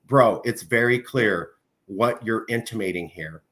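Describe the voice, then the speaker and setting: A man hosting a casual interview, talking in long rambling stretches with many fillers and pitch that jumps high when he gets worked up. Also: unhurried, fairly bright tone. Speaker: podcast host.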